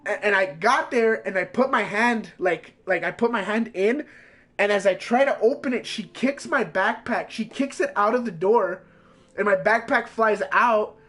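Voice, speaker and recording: A man's voice: high voice, moderate pace, a bit bright. A man streaming from home, telling a profane, heated story in a casual way.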